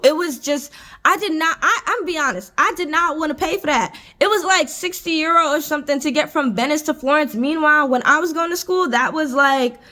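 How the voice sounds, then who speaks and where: A young American woman in her twenties, a vlogger, tells a story directly to her camera in an indoor room with adjustable lighting. Her fairly high voice is brisk, pushed and bright, and her chatty, exasperated delivery is packed with "like" and "I was just like".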